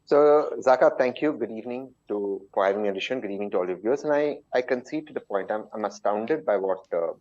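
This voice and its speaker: A man's voice: lowish voice, fast talker, few pauses, a little mellow. Indignant Indian male panelist, dull feed. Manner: indignant, rhetorical arguing. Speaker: political panelist. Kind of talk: televised political debate.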